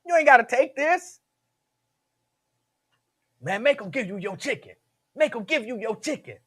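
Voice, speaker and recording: A man's voice: extremely high pitch, lively intonation, normal speed, a bit bright, slightly rough, pitched above the performer's own voice, exaggerated voice. A man voicing a pushy male friend who eggs a buddy on, goading and hyping.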